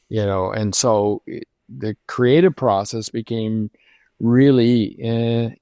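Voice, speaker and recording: A man in his seventies, a guest in an interview, telling stories from his career in a reflective, unhurried way with many pauses and restarts. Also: mid-range voice, fairly even intonation, warm tone, no room sound. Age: 70s. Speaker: lighting designer guest. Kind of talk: conversational interview storytelling.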